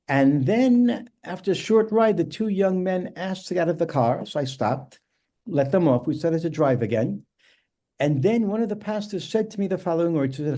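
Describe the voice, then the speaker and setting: A middle-aged man tells a personal story in an earnest, measured way. His voice sits a little high, yet its tone is warm and mellow. He speaks as a guest in a podcast interview. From New York. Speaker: rabbi and guest.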